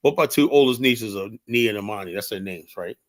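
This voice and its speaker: A man's voice: fairly low pitch, a little fast. A man hosting a livestream show, talking bluntly and rambling, with lots of "you know". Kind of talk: casual livestream commentary.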